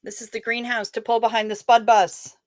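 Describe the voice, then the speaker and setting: A woman's voice: on the high side, flat delivery, a little fast, dry recording, studio quality. A woman hosting a casual livestream, chatting playfully with viewers and reading out their messages as they come in. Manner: chatty, reads chat aloud, playful, swears casually. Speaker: livestream host.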